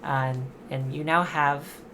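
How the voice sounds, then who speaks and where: Halting low-voiced woman game master. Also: fairly even intonation, noisy background. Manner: halting, searching for words with many fillers. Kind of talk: narrating a tabletop game.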